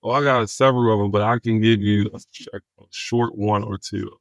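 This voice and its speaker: Podcast guest, man; animated storyteller who acts out the dialogue, low voice. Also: normal speed, no echo. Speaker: guest, homelessness outreach worker.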